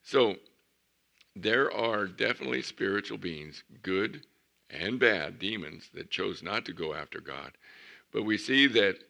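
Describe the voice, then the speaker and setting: A man's voice: lowish voice, lively intonation, a little slow, gravelly, pushed and bright. A middle-aged man preaching a sermon as pastor, telling stories and building to emphatic points.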